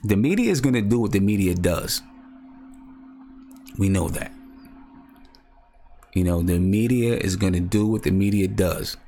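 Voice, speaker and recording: A young man with a somewhat low voice hosts a live stream. He talks in a loose, excited way, circling back to the same points and reading out viewer comments as he goes. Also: a little slow, long pauses, a little hiss or hum. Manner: excitable, repeats himself, reads chat aloud. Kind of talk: casual live stream chat.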